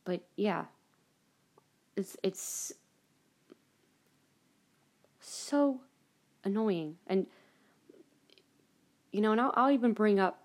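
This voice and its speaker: A woman's voice: medium pitch, lively intonation, extremely slow, pauses often. A woman hosting a personal monologue podcast, ranting angrily and swearing heavily, with many restarts and trailing asides. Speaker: podcast host.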